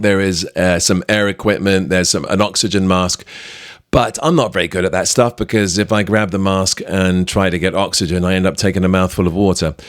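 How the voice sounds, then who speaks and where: A middle-aged British man hosting a podcast, chatting lively through a behind-the-scenes anecdote with plenty of fillers. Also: sits low, dry recording, studio quality. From Britain. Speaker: podcast host. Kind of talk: storytelling anecdote.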